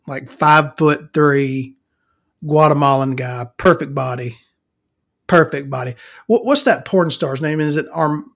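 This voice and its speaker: A man's voice: on the high side, fairly bright tone. A man hosting a podcast, telling crude stories in a rambling casual monologue and calling himself Victoria. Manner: frequent fillers and self-restarts. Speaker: podcast host.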